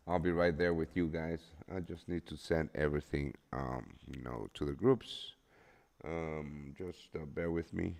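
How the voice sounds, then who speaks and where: A man's voice: rumbling low, steady tone, unhurried, gravelly, darkish tone, long reverb tail. A man on a casual live stream, just woken up, rambling and swearing freely with lots of fillers. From El Salvador. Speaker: forex trading streamer.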